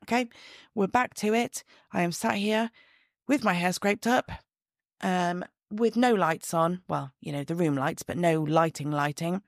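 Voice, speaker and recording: A female podcast host and body image coach talks chattily and directly in a lowish voice with vocal fry, laughing at herself at a measured pace. She's doing a casual solo episode at home under room lights only, using her own podcast mic. The recording is dry with no echo.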